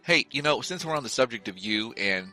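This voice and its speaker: A man co-hosting a podcast, chatting casually in an animated way and jumping between thoughts. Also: medium pitch, a little fast, soft background music, low-quality recording. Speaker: podcast co-host.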